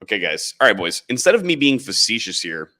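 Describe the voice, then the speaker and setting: A man's voice: lowish voice, sing-song, fairly quick, pushed and bright. A man hosting a casual livestream, reading chat comments and rambling sarcastically, calling his viewers boys. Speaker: livestream host. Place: indoors, standing in camera frame.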